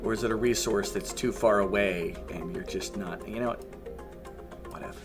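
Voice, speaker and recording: A man's voice: fairly low pitch, moderate pace, music in the background. A man with a strained voice giving livestream commentary on a game, scolding the little colonists on screen and swearing at them. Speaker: game streamer.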